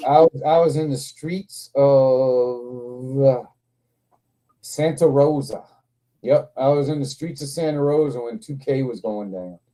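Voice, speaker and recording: A man in his forties hosts a casual livestream chat with a very deep, dark tone. He rambles through loose stories full of swearing, restarts and frequent laughter. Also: unhurried, rough recording. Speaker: livestream host.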